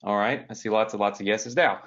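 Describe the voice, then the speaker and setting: A sick man with a hoarse, low voice coaches viewers through a live webinar from a hotel room. He keeps a chatty, upbeat tone and asks the audience for a yes. The audio is dull and lo-fi. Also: brisk, a bit bright. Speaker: online business coach hosting a weekly training.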